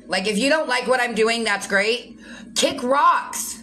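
A woman's voice: on the high side, expressive, a little slow, pushed and bright, slight background noise. A woman chatting casually on a livestream, answering viewer comments and turning snappy at rude ones.

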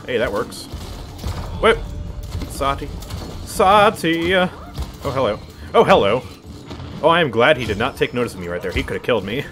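A man's voice: fairly low pitch, a bit bright. A man casually commenting on his gameplay as a streamer, reacting to the match and reading chat aloud. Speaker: game streamer.

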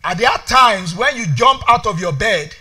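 A man preaching a sermon as pastor, shouting calls to the congregation and dropping to quiet storytelling. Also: high voice, lively intonation, normal speed. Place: church sanctuary.

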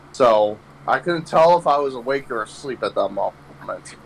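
A man's voice: mid-range voice, expressive, normal speed, gravelly, few pauses, breathy edge, low-quality recording. A young man hosting a podcast, telling a rambling story full of swearing and laughing at his own jokes. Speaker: podcast host. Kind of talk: casual storytelling chat.

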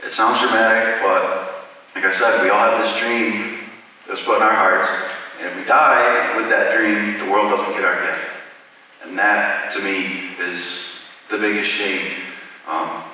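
A man's voice: lowish voice, fairly even intonation, a little slow, bright, forceful tone. A man in his twenties from upstate New York giving a casual, earnest motivational talk to students, telling stories as a guest speaker. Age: 20s. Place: school hall. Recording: echoey hall from far off, faint hiss.

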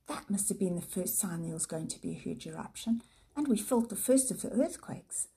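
Eager know-it-all boy in a storybook, voiced by a woman, husky and hushed. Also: medium pitch, animated, fairly quick. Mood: excited. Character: young boy Peter, excited and knowledgeable.

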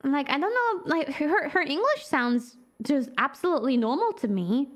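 A woman streamer, a native German speaker, chatting casually while she plays a game, excitable, swearing and laughing. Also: high-pitched, moderate pace. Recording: faint music behind.

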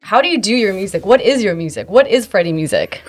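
A woman hosting a podcast in casual interview chat, relaxed and conversational with a light teasing touch. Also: medium pitch, fast, soft background music. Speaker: podcast host.

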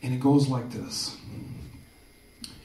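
Crude stand-up comic, distant and echoey. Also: male voice, medium pitch, steady tone, takes it slowly, a little mellow, slight background noise. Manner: crude, loose, keeps tagging lines with "dude". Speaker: stand-up comedian. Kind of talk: stand-up comedy set. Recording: echoey room from far off, crowd laughter.

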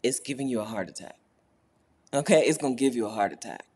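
A woman hosting a casual live stream, reading chat comments aloud, animated and laughing often, repeating her points for emphasis. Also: rumbling low, fast talker, husky. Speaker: YouTube host answering live chat.

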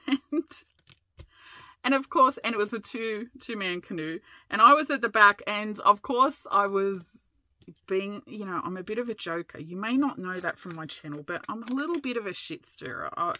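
Crafting vlog host: Australian woman, fifties, bright and breezy, rambling storyteller. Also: medium pitch, lively intonation, moderate pace, no echo. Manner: rambling, chatty, often laughing.

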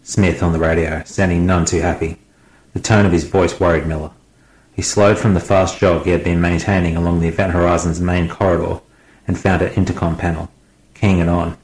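Deep-voiced man narrating an audiobook. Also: a little fast, echoey room, rough recording. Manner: steady dramatic reading.

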